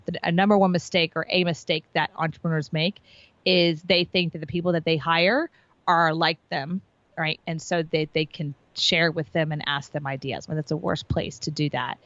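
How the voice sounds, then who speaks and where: Woman business coach, lowish voice, bubbly and emphatic, dry lo-fi sound. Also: fairly even intonation, normal speed, fairly bright tone, no echo. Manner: bubbly, emphatic, acts out others' lines. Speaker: sales and marketing coach, guest. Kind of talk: animated interview storytelling.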